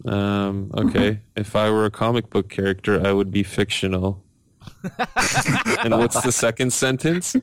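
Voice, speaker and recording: A man's voice: lowish voice, a little slow, no room sound. Dry, lightly sarcastic man. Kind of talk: casual podcast chat.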